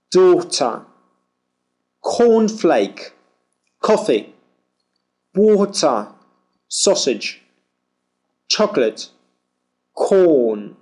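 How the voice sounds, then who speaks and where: A man leads a pronunciation lesson, saying each word slowly and deliberately so it can be repeated. His voice sits a little high and rises and falls a lot as he drills the vowels. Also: darkish tone. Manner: clear, deliberate word-by-word modelling. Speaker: pronunciation teacher.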